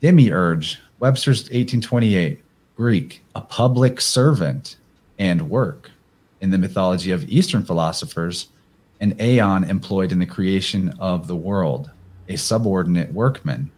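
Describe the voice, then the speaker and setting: A man's voice: sits low, animated, measured pace, darkish tone. A man giving a casual slide presentation on a podcast, thinking aloud with fillers and reading passages from his slides.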